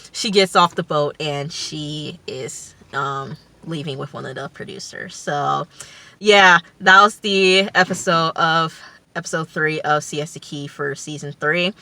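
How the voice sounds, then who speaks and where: A woman's voice: low-pitched, pushed and bright. A young woman vlogger casually recapping a TV episode, rambling with lots of fillers. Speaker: TV review vlogger.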